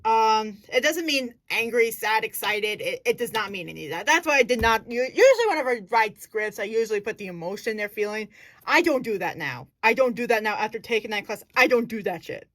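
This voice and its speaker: A woman's voice: a little high, animated, brisk, a bit bright, no room sound. A woman casually explaining her acting technique. She thinks aloud, searches for words and corrects herself as she goes. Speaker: acting student.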